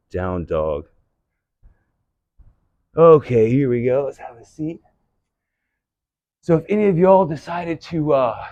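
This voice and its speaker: A man teaching yoga, giving calm breath-paced cues and gentle encouragement, out of breath. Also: medium pitch, no echo, highs cut off. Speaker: yoga instructor. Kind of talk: guided yoga cueing.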